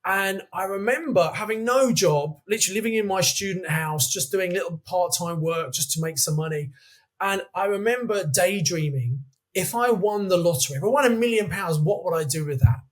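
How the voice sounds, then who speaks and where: A man in his fifties, a podcast guest telling animated anecdotes in a chatty way. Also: high voice, normal speed. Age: 50s. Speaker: guest, property investor. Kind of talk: podcast interview storytelling.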